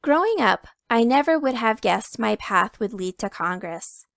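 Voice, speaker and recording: A woman reading a picture book aloud to children, telling it in the first person with expressive emphasis. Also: a little high, measured pace, creaky, dry recording, studio quality. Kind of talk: read-aloud storytelling.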